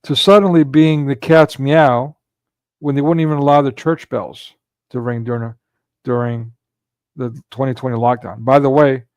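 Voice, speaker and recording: A man's voice: medium pitch, little pitch movement, moderate pace, a little mellow, no echo. A man hosting a casual livestream commentary, talking in a rambling way with frequent restarts and filler words. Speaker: livestream host.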